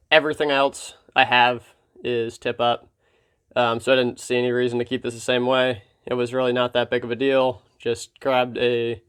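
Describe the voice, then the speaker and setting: A man from Pennsylvania hosts his knife vlog in a relaxed, wry way, scattering ums as he goes. His mid-pitched voice is smooth underneath, though slightly froggy and hoarse today. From Pennsylvania, USA. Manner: laid-back and wry, with filler ums. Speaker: knife channel host. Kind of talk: casual hobby vlog talk.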